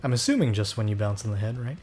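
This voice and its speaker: A man's voice: on the low side, animated, quick pace, darkish tone, soft background music. A man hosting a let's play, making dry, wry asides while he plays. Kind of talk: gameplay commentary.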